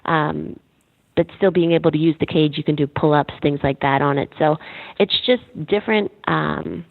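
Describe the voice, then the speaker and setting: A woman guest explaining her work in a relaxed, casual way with frequent fillers. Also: low voice, moderate pace, creaky. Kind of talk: casual interview answers. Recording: tinny phone-line sound.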